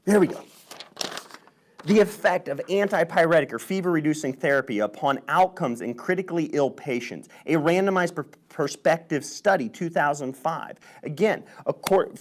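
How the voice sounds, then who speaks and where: Emphatic man hosting a health vlog. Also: a little high. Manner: emphatic, gets worked up. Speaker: host. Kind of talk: health vlog monologue reading studies.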